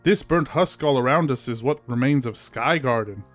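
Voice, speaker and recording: A man's voice: medium pitch, moderate pace, soft background music, lightly acted. A man putting on a Scottish squirrel warrior, Bruce. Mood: solemn. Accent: put-on Scottish. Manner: solemn, old-fashioned speech with "nay" and "aye". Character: proud grieving male red squirrel warrior.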